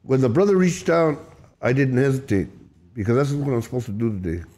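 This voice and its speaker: Guy telling his recovery story, gravelly and kinda dark, cusses a lot, emotional, keeps restarting lines. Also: mid-range voice, fairly quick. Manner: profane, emphatic, emotional, with many restarts. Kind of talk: candid storytelling.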